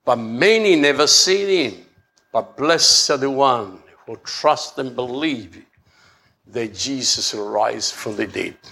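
A man preaching a sermon, halting and often repeating words as he restarts his phrases. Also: medium pitch, lively intonation, gravelly, pushed and bright, a little hiss or hum.

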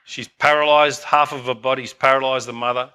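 A man's voice: medium pitch, steady tone, fairly quick, sharp tone, clean tone. A man, preaching and telling a story in an earnest, emphatic way, repeating points for emphasis. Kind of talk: sermon storytelling.

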